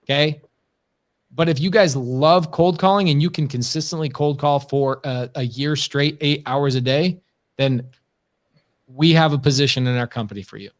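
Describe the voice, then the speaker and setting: A man's voice: on the high side, moderate pace. A man co-hosting a live business stream, talking emphatically in rhetorical questions. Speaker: podcast co-host.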